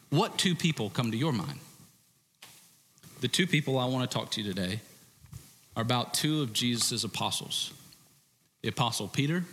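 A man's voice: a little high, pushed and bright. Man, pastor, conversational sermon with joking asides, reverberant hall.

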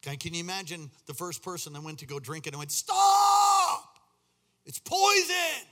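A male pastor delivers a lively sermon with humor and rising fervor. His voice sits high and bright, cutting clearly through the room. He swings from quiet, joking asides to intense exhortation. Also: racing.

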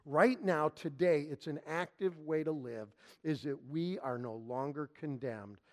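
Emphatic preaching man, slightly high voice. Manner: emphatic preaching, repeating key phrases with slow stress. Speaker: pastor. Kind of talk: sermon.

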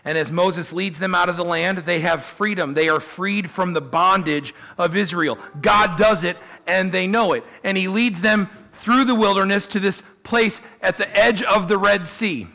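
A man preaching a sermon, telling the story in an animated way and voicing the people he quotes. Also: high-pitched, normal speed, gravelly, hardly any pauses. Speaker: pastor.

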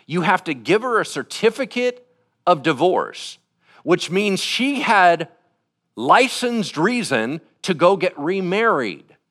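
Lively, casual male preacher. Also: high voice, slow. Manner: casual, conversational preaching with acted-out quotes. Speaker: pastor. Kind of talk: sermon.

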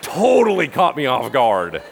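A man's voice: a little high, normal speed, long reverb tail, over a noisy crowd, very noisy. A male pastor preaching a sermon, joking and throwing questions at the congregation. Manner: animated, joking, asks the room questions.

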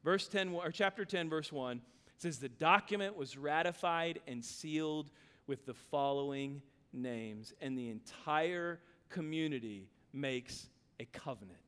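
A high-voiced man preaches to a congregation, swinging between quiet reflection and loud, lively storytelling. His voice rings with a long hall reverb. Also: unhurried, clear, resonant tone. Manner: animated storytelling, acting out his son's voice. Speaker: pastor. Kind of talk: sermon.

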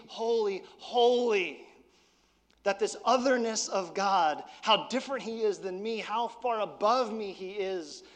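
High-voiced pastor preaching in a hall. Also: male voice. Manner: conversational preaching, drops to soft intensity. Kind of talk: sermon.

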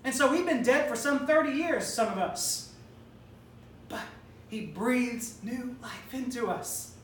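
A woman preaches with emphatic, rhetorical force and often addresses death head-on. Her high voice echoes through a roomy hall. The mic sits a good distance away and picks up faint ambient noise. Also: expressive, slow pace. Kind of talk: sermon.

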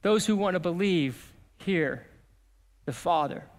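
High-voiced pastor preaching in a reverberant hall. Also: male voice, slow. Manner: conversational preaching, swings from lively to hushed. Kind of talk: sermon. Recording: long reverb of a church hall.

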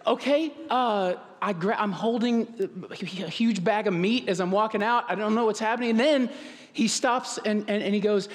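A man with a fairly high voice tells a funny story from the pulpit in a loose, conversational way. His voice rings out with a long reverb through the hall. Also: moderate pace. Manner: conversational, humorous, self-interrupting. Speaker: pastor. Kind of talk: storytelling sermon.

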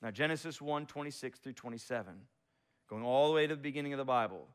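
A man's voice: medium pitch, fast, clean tone. A man preaching a sermon, reading scripture and telling a self-deprecating story about his early preaching. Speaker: pastor.

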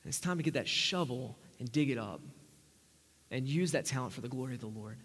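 A man preaching a sermon, emphatic, swinging from loud rising lines to quiet low asides. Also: expressive, fairly quick, slightly rough, in a large hall.

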